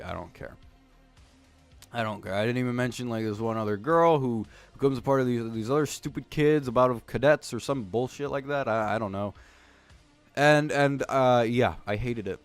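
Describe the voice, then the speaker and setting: A man giving a casual, profane movie review, rambling and exasperated, with many fillers and restarts. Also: fairly low pitch.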